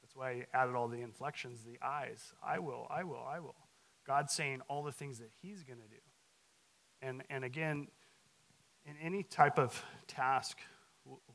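A man's voice: medium pitch, a bit bright, low-quality recording. A man giving a conversational sermon as a guest teacher, reading scripture with added emphasis, full of restarts and fillers. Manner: casual, halting, with frequent restarts and fillers; adds emphasis to scripture and acts out quotes.

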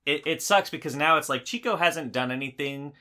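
A man's voice: fairly high pitch, brisk, bright, forceful tone. A man in a casual film discussion, picking a movie apart with sarcasm and plenty of fillers. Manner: critical, sarcastic, many fillers and restarts. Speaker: podcast co-host.

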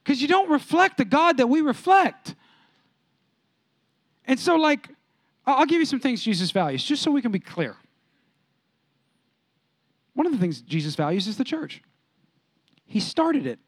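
A man's voice: very high-pitched, big pitch swings, normal speed, pauses often, no echo. A man preaching a sermon as pastor, emphatic and repetitive, calling on his congregation to respond.

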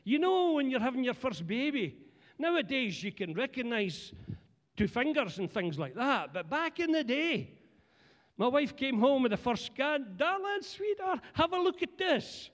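High-voiced Scottish preacher, joking. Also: male voice, moderate pace. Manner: animated, joking storyteller addressing the congregation. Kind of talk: humorous sermon. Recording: long church hall reverb.

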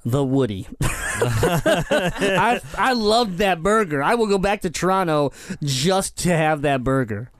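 A man co-hosting a podcast in casual chat, telling trip stories excitedly and laughing often. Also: on the high side, takes it slowly, dry recording. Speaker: podcast co-host.

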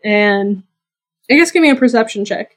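A woman narrating as game master of a tabletop game, relaxed and often laughing. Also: fairly high pitch, moderate pace. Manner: relaxed, giggly storytelling.

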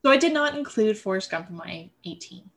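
A young woman co-hosting a casual chat, brisk as she runs down a list and quick to tease. Her voice sits at an ordinary middle pitch for a woman. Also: lively intonation, a bit bright. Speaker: podcast co-host.

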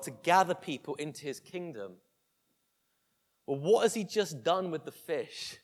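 Preacher, male, fairly high voice, expressive storyteller who hushes for quiet moments. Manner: vivid storytelling, dropping to a hush for tender moments. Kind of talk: sermon.

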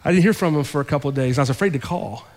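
Rapid-fire and pitched on the high side, a pastor's voice echoes with big-room sound in the church sanctuary. Mid-sermon, he tells a story animatedly, acting out the characters' lines.

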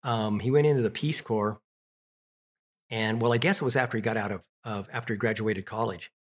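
A man's voice: fairly low pitch, steady tone, brisk. A middle-aged man telling childhood stories in an interview, rambling with restarts and fillers. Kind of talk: casual storytelling.

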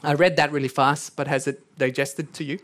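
A pastor with a fairly high-pitched male voice preaches fairly quickly. Earnest at heart, he lightens things with joking asides and reads scripture aloud in a way that grows more intense.

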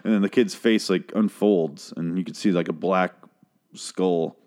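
A man with a somewhat low voice talks through a TV episode in loose, rambling recap mode. He stops and restarts his sentences and swears freely. He pops into exaggerated high-pitched impressions of the characters. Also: fairly even intonation, measured pace, a little mellow. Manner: rambling, profane, restarts a lot; mimics characters in a raised voice.

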